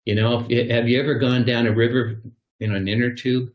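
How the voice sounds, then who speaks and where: A man's voice: medium pitch, level tone, fairly quick, highs cut off. An older man who is a guest on a podcast, giving reflective advice and telling little stories where he acts out the voices. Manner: storytelling, acts out little scenes. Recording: roomy echo.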